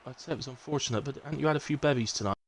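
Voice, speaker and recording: Bristolian male race commentator, relaxed and rambling, fills dead air with chat, mid-pitched voice. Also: racing, rough recording. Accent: Bristolian English. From Bristol, England. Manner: chatty, rambling, fills gaps with asides. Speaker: sim racing league commentator. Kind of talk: live casual race commentary.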